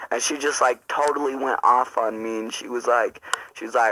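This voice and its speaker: A man's voice: mid-range voice, fairly even intonation, normal speed, pushed and bright, low-quality recording. A man telling a rambling, profane story in a casual storytime vlog, full of fillers. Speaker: storyteller vlogger.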